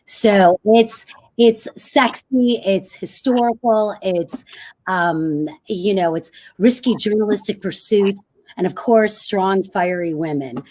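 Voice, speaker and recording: A woman in her fifties with a low, smoky voice, speaking as an author guest on a video call, telling her story fluently and with energy. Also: slow, warm tone. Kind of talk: conversational interview.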